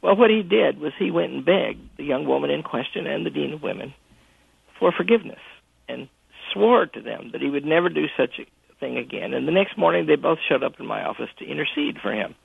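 A man with a gravelly, husky voice tells a story over a tinny, dry phone line. He talks in an anecdotal way and keeps stopping to restart his sentences, the way a college president might recount a case from his years on the job. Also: fairly high pitch, animated, no room sound. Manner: anecdotal, halting with frequent restarts. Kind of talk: telling a story in a phone interview. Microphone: telephone.

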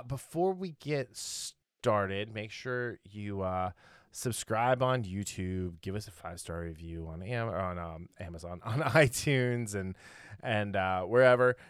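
A man's voice: fairly low pitch, a bit bright, smooth, dry recording, studio quality. A man hosting a casual podcast. He rambles, corrects himself and laughs often, and he sounds tired after a long day. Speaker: podcast host.

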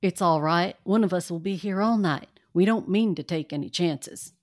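A woman voicing a calm, protective man, speaking in a hushed, reassuring way. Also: on the low side, moderate pace, no room sound, clean studio sound, natural voice.

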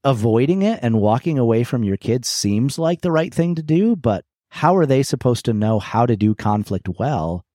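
In a relaxed podcast chat, a middle-aged co-host recounts personal stories candidly and thoughtfully, frequently starting over. His medium-pitched voice has a dark, sing-song quality, moving at a moderate pace with hardly any pauses, recorded in a clean studio with no room sound.

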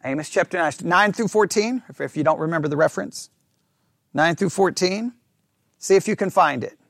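A man teaching a Bible class, thinking out loud and checking in with listeners often for agreement. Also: on the high side, moderate pace, gravelly, no room sound, clean studio sound. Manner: talks through ideas out loud with restarts.

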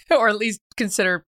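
A woman hosting an interview, chatting casually and asking wry, quick follow-up questions. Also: medium pitch, a bit bright. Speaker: host.

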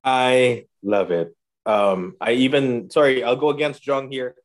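A man co-hosting a casual podcast with a mid-pitched voice. He speaks with enthusiasm and slips into little acted quotes. The delivery is chatty and animated. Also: unhurried. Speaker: podcast co-host. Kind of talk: casual chat.

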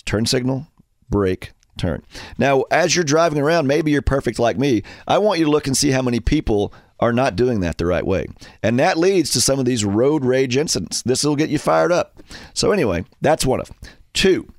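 A man's voice: medium pitch, brisk, no room sound. Guy hosting radio, casual chatty storytelling, dry close mic sound. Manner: animated storyteller, acts out voices. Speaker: radio host. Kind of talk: casual sports radio chat. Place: radio studio.

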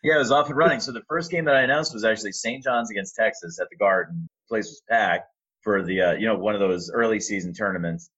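A middle-aged man, an arena announcer, telling a relaxed story with fillers in a casual interview. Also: fairly low pitch, quick pace, slightly rough, dull audio. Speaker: arena announcer and sports media relations staffer.

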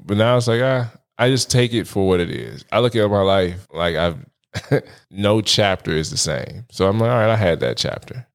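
A man in his thirties, a podcast guest, telling a story in casual chat, acting out his own reactions and laughing often. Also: low-pitched. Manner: laughs often while talking.

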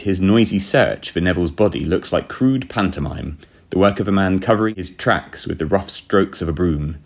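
A man reading a story as a first-person diary, with a pompous, self-satisfied manner. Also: low voice. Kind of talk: scripted first-person narration.

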